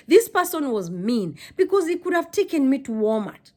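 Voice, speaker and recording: Animated woman from Kenya telling a story. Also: high voice, moderate pace. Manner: animated, emphatic, repeats phrases for effect. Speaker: vlogger. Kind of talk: casual storytelling to camera.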